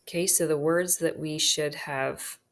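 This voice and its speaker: Unhurried and steady, a low-voiced woman teacher takes her students through a phonics worksheet. As she marks each word, she keeps checking in with "okay?"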